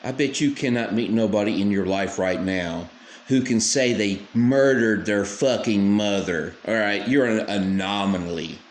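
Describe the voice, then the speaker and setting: A man's voice: on the low side, unhurried, reverberant, a little hiss or hum. A man giving crude, scornful reaction commentary in a ranting manner.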